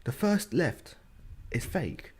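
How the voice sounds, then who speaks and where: A man's voice: a little high, very animated, takes it slowly, a little mellow, slightly rough. A young man co-hosting a podcast, trading joking, sweary banter in casual chat with frequent laughs. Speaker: podcast co-host. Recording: noisy recording.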